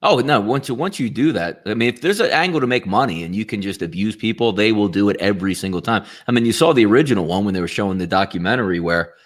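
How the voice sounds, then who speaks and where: A man co-hosting a casual sports show, talking quickly with strong opinions. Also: lowish voice, lively intonation. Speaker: sports betting show co-host.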